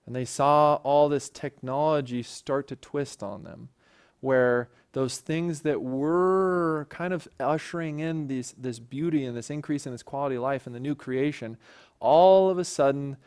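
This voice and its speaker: A man's voice: medium pitch, measured pace, a little mellow, smooth. A man teaching a Bible lesson for a church in a conversational way, often checking in with the listeners.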